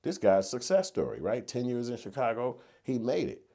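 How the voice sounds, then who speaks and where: A man's voice: medium pitch, sing-song, moderate pace, vocal fry, dark tone. A man giving a casual, slangy opinion monologue that builds to emphatic rants. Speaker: commentary vlogger.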